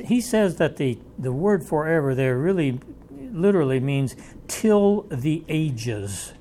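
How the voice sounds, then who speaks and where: A man's voice: mid-range voice, a little mellow. A man teaching a Bible study lecture in a folksy, conversational way, thinking aloud and inviting questions from the class.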